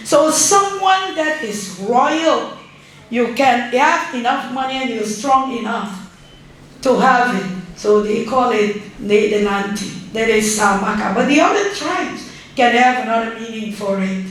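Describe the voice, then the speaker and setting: A middle-aged woman from Suriname, giving an unhurried, conversational guest lecture as an ambassador and often checking in with her audience. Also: on the high side, expressive, a bit bright. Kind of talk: public lecture. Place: large university lecture hall. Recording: very echoey hall, faint room ambience.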